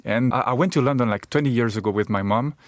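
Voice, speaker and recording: Frenchman joking in halting English. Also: mid-range voice, no room sound, studio quality. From France. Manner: hesitant, repeats words, playful jokes. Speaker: comedian guest. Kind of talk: casual interview chat. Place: radio studio.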